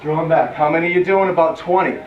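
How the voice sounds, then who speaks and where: Guy coaching a workout in a gym, slow clipped commands, counting reps, kinda far off and echoey. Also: on the high side, slight background noise. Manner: demonstrating while counting reps aloud. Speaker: fitness trainer. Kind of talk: workout instruction. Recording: echoey, distant, dull sound.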